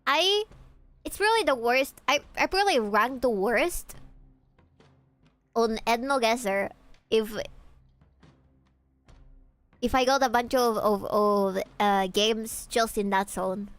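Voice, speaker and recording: A woman's voice: on the high side, takes it slowly, long pauses, soft background music. A young woman from Peru, streaming a game and joking and teasing with her chat, swearing casually. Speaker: VTuber streamer.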